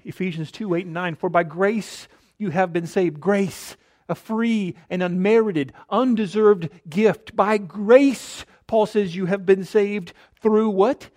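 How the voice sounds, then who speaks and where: High-voiced preaching pastor. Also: male voice, darkish tone. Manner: dynamic preaching, rhetorical questions, drops to near-whisper for emphasis. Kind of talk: sermon.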